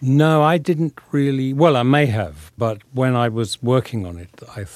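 A man from England, an actor being interviewed, talking in a thoughtful, measured way as he searches for his words. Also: medium pitch, darkish tone, dry recording. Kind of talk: reflective interview talk.

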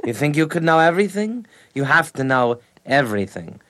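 A man imitating a gruff old male character actor who lectures with blunt self-importance. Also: fairly high pitch, very animated, a little fast, bright, forceful tone, a little hiss or hum, voice pushed up. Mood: lecturing.

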